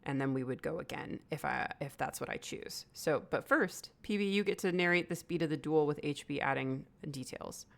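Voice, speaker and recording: Low-voiced woman gm, kinda gravelly, chill and chatty explaining game rules. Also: moderate pace, few pauses. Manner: relaxed, chatty, thinks aloud with fillers. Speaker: game master. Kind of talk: running a tabletop game.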